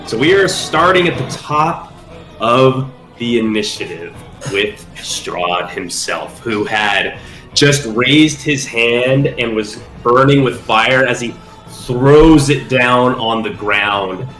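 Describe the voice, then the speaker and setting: A man running a tabletop game over a call, getting over a cold, relaxed and working out the rules aloud. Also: medium pitch, slow, roomy sound, soft background music, poor audio. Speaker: game master.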